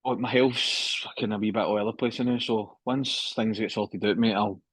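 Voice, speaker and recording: A man's voice: on the low side, fairly even intonation, moderate pace, fairly bright tone, breathy edge, no room sound, rough recording. A man in his thirties talking candidly as a podcast guest, swearing freely and calling his host mate, heard through a phone. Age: 30s. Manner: candid, swears often, keeps saying mate. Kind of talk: casual conversation.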